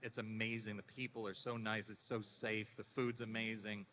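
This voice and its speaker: A man in his fifties, a voice actor guest at a panel, telling stories casually in a deepened, relaxed voice with frequent restarts. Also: normal speed, slight background noise. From Canada. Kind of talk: casual anecdotal panel talk. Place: convention panel hall. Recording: echoey convention hall.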